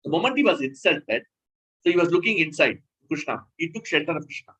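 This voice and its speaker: Male preacher, emphatic, bright and slightly husky, lively intonation, scripture-class delivery. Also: a little high, a little fast, poor audio. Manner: animated, emphatic, self-correcting. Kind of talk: scripture lecture.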